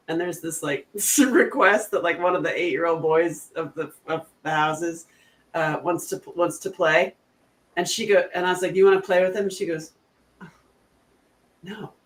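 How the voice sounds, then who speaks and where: A middle-aged woman chatting casually, telling animated stories and laughing often. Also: lowish voice, normal speed. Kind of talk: casual chat.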